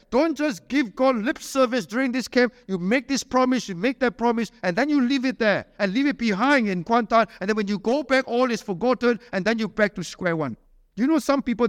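A man preaches with strong emphasis, his fairly high voice rising to urge and dropping low to plead. His close voice is dry, yet a long reverb from the hall trails behind it. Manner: emphatic, swings between loud high urging and low quiet pleading. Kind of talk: sermon.

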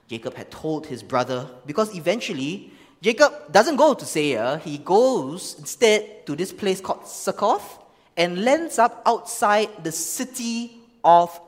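Preacher, sermon, lively pitch swings, long hall echo. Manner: expressive Bible reading and explaining. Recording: long reverb of a large hall.

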